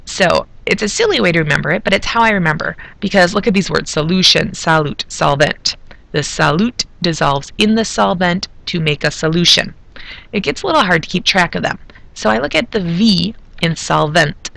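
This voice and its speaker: A woman chemistry teacher explains a recorded lesson in a chatty way, slipping in side remarks as she goes. Her voice sits a bit low with a gravelly grain. The sound is dry and close. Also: expressive, moderate pace, fairly bright tone, no room sound.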